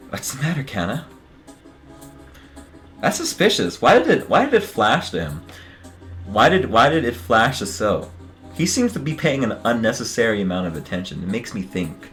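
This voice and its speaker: Man, game streamer, casual commentary, joking asides, lively swooping pitch, faint music underneath. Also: normal speed, pauses often. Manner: joking, muttering asides to viewers.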